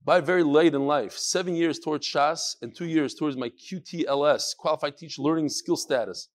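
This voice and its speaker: A man's voice: a little high, fairly even intonation, a little fast. A man hosting a casual chat show, reading listener emails aloud with joking asides.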